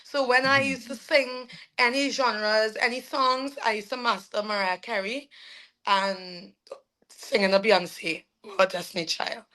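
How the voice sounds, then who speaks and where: A young woman with a Trinidadian accent, telling her life story as a guest in a casual interview, animated and quick to laugh. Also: a little high. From Trinidad and Tobago. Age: young adult. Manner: animated, laughs often, trails off with fillers. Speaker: soca artist guest.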